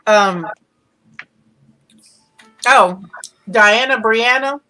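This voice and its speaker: A woman's voice: a little high, drawn-out words, bright, forceful tone, soft background music, rough recording. A woman hosting a casual livestream, chatting and greeting viewers by name, laughing easily. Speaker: livestream host.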